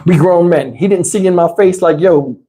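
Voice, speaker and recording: A man's voice: high-pitched, normal speed, a crowd in the background. A middle-aged man telling a story in casual chat and acting out the other people's voices. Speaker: storyteller host.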